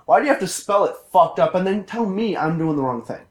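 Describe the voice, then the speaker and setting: Animated ranting man in an echoey room. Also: sits high, fast. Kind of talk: casual ranting chat among friends.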